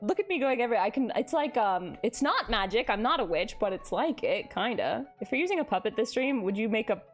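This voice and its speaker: Young woman, live streamer, bubbly and giggly, high bouncy voice. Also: big pitch swings, fairly quick, faint music behind. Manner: bubbly, giggly, reads chat and greets viewers. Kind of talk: casual live stream chat.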